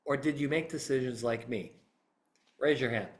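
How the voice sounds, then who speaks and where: Against a noisy background, a middle-aged trial consultant speaks on a podcast at moderate pace and medium pitch. Telling a story, he acts out a voir dire example of how he'd speak to jurors.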